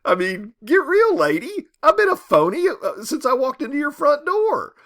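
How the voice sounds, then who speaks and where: A man voicing a brash, mocking young male con man who taunts in a loud, raised voice. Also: huge pitch swings, normal speed, exaggerated voice. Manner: taunting, loud and high-pitched.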